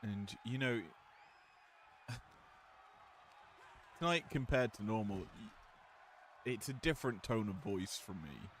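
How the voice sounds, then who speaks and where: A man calling a wrestling match play-by-play, drifting between relaxed chatty asides and louder calls on big moves, with a slight growl in his voice. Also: fairly low pitch, slow pace, pauses often, a faint crowd, a little hiss or hum. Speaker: wrestling commentator. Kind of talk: play-by-play commentary on a simulated match.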